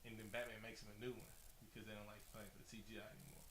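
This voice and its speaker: Animated, profane man in an echoey room. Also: fairly low pitch, racing, background noise. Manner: animated, profane, acts out scenes. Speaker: podcast co-host. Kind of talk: casual movie recap chat.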